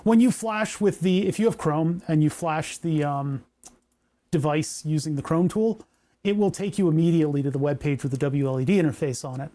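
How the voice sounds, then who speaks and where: Male streamer, higher pitch, casual rambling tinkering talk with wry jokes. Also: fairly quick, dark tone. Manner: rambling, joking, talks to chat while working. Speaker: maker streaming a hardware project.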